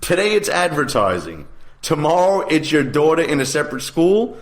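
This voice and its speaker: A man co-hosting a talk radio show from a studio, with a lively voice that swings widely in pitch. He rants emphatically and sometimes rises to a shout. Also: moderate pace. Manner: emphatic, ranting, rising to shouts. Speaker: co-host. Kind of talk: political talk radio commentary.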